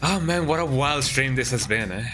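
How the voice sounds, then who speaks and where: Game music runs under this casual livestream chat, where a man jokes around, rambles, and keeps tacking "eh?" onto his sentences. He speaks at a normal speed in an expressive, medium-pitched voice.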